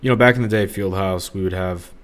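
A man's voice: low-pitched, fast talker. A young man from the St. Louis area, talking casually and rambling on a solo podcast, with lots of fillers and restarts. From Missouri, St. Louis area. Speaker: podcast host.

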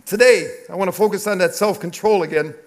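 A middle-aged man, a pastor, preaching a sermon through an animated, confessional personal story. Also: high-pitched, quick pace.

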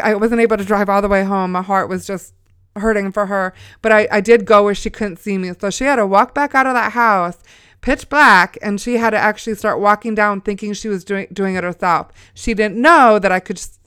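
A woman in her forties tells a family story as a testimony, talking the way she would to a friend while dropping in preacher-like asides. Her voice is exceptionally smooth and resonant. It is recorded close and dry, with no room sound. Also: medium pitch, a bit bright, no echo. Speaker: mother sharing a testimony. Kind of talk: spoken testimony.

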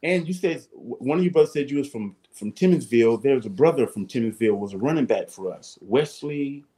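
A man, telling casual stories as a guest, animated and salty-tongued. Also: medium pitch, brisk. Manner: animated, swears casually, acts out voices. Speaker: guest, former football player. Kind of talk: casual storytelling.

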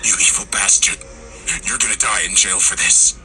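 A man's voice: deep voice, steady tone, fairly quick, over music, close to an everyday voice. A man voicing a furious police detective who screams his lines at a suspect. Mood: enraged. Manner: screaming, enraged.

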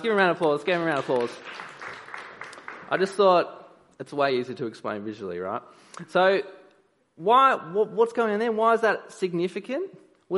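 A man giving a lively sermon, talking straight to his listeners. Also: fairly high pitch. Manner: animated, addresses the crowd directly, acts out voices. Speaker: preacher. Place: church hall. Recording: hall reverb.

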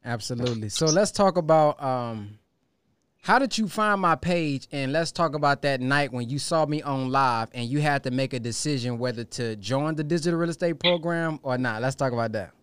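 Smooth-voiced host gently asking questions. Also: medium pitch, normal speed, dry recording. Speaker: interviewer and program host.

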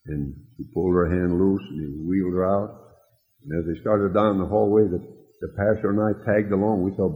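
A male preacher telling a story in a sermon, slow and tender, dropping to a hush for quoted words. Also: sits low. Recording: tinny, phone-like, with a long hall echo.

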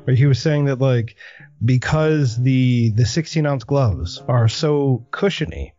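A man hosting a podcast, telling a story in a lively, animated way during a casual interview. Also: medium pitch, unhurried, dull audio. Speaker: podcast host.

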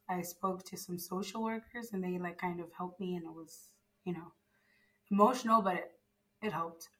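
A young woman from Zimbabwe, a podcast guest, telling her story in a casual, animated way and acting out the dialogue she quotes. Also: fairly low pitch, low-quality recording. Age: young adult.

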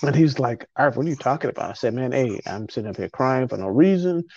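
A man's voice: mid-range voice, animated, fast talker, darkish tone, no echo. A middle-aged man hosting a podcast, talking in a rambling, emotional way with frequent restarts. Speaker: podcast host. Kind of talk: casual conversation. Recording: dull lo-fi podcast audio.

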